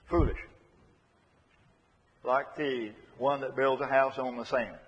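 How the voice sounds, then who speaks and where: A man preaching a sermon, earnest and emphatic, circling back on his key phrases. His voice sits a bit high and sounds breathy. The recording is dull and lo-fi, with a long echo from a large hall. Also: measured pace, a bit bright.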